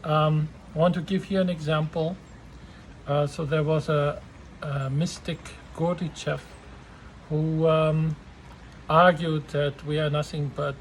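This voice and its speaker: A man giving an unscripted spiritual talk, slow and halting, with many fillers and pauses. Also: fairly high pitch, slight background noise, rough recording. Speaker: spiritual teacher.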